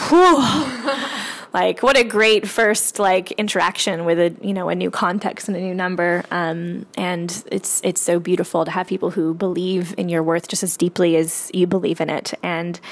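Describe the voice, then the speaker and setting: A woman author and coach telling a candid, casual story about money, swearing freely and using many fillers. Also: lowish voice.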